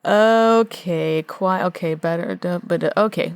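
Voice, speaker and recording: A young woman chats as a podcast co-host, sarcastic and quick to swear. Her voice sits on the low side. The sound is dry and close. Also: clear, resonant tone, dry recording. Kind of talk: casual chat.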